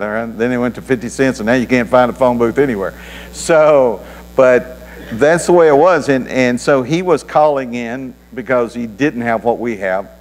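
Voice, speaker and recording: A man preaching a sermon in a folksy, conversational way, with homespun anecdotes. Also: medium pitch. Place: church auditorium. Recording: reverberant hall with mains hum.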